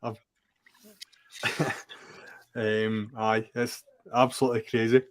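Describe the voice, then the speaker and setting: A man's voice: lowish voice, slow. A man chatting over a video call, telling stories and chuckling often. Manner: chuckling, relaxed storyteller. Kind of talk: casual chat.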